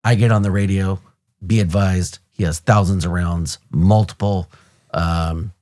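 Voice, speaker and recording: Deep-voiced American man telling a police story. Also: a little slow. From United States. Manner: animated, blunt, swears casually, acts out sounds. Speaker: podcast host, retired police officer. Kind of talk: conversational storytelling.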